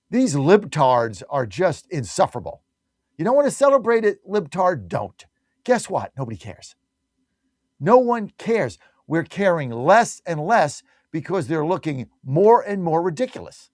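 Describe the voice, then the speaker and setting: A man's voice: a little high, very animated, unhurried, a little mellow, no echo, studio quality. A man hosting a talk radio show, delivering an emphatic, combative monologue with lots of repetition.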